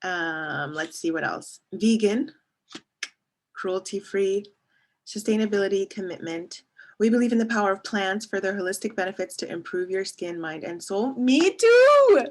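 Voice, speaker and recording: A woman's voice: medium pitch, moderate pace. A woman in her thirties talking casually in a beauty review, chatty and digressive, often laughing and reading product labels aloud. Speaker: beauty vlogger reviewing a face mask.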